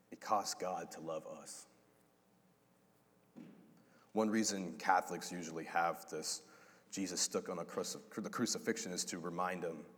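A man preaching a sermon, animated and acting out the voices in his story. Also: low-pitched. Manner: animated, acts out voices of God and Adam. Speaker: pastor. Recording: long hall reverb.

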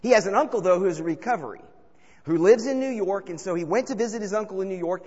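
A man preaching a sermon, telling stories and swinging between loud calls and hushed asides. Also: sits high, fast, slightly rough, in a large hall, muffled recording. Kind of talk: sermon with storytelling.

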